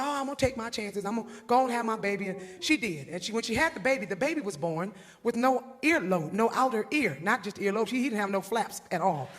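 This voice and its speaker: Fast folksy woman storyteller. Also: medium pitch, fairly bright tone, in a large hall. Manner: folksy, chatty, repeats words for laughs. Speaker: gospel singer doing stand-up. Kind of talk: comic storytelling.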